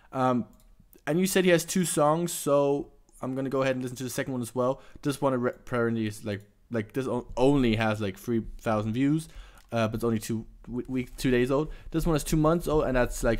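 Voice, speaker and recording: Hesitant man reacting to music. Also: medium pitch. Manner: hesitant, many fillers and restarts. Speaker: reaction video host. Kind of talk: casual reaction commentary.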